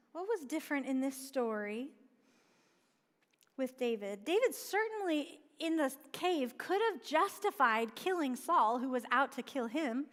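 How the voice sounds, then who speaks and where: In a church sanctuary, a woman with a high-pitched, fairly bright voice preaches a sermon. She earnestly poses questions and answers them herself, and the recording carries a long church-hall reverb.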